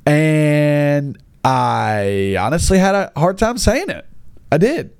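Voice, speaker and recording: A man's voice: a little high, sing-song, takes it slowly, vocal fry, darkish tone, smooth. An American man who teaches English, telling an exasperated, sarcastic comic rant and acting out other people's voices. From United States. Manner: exasperated, sarcastic, acts out voices of kids and parents. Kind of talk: stand-up style comic rant.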